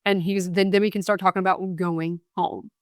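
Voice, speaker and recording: Young adult woman, podcast guest, low smooth voice, earnest storyteller who quotes others. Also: level tone, moderate pace, no echo, studio quality. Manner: earnest, recounts events with quoted dialogue. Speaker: guest, bereaved mother.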